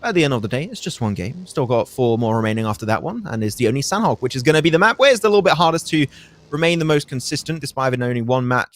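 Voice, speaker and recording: A man casting a live mobile shooter tournament, fast play-by-play commentary with joking asides. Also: medium pitch, animated. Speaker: esports caster.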